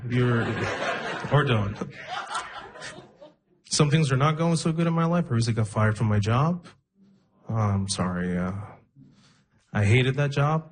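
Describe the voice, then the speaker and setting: A young man, an immigrant to Canada, performs a stand-up set on a comedy club stage in front of an audience, his voice a little high. He tells stories deadpan, breaks into laughter at his own lines, and acts out other people's voices.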